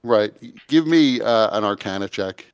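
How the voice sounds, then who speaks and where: A man's voice: lowish voice, lively intonation, a little slow, smooth, no room sound. A man narrating as game master in a tabletop game, calling for rolls and describing the fight, with frequent "uh" fillers.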